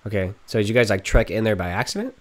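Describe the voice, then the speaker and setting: A man's voice: fairly low pitch, rapid-fire. A young man co-hosting a podcast in casual chat, cracking crude jokes and roasting people. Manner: joking, roasting, crude banter. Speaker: podcast co-host.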